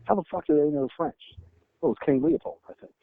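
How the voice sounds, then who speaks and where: Fast gravelly co-host guy, rambles and goes "right?", sounds like he's on a phone line. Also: a little high, sing-song, no echo. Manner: rambling, thinks aloud, seeks agreement. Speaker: podcast co-host. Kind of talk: casual podcast conversation.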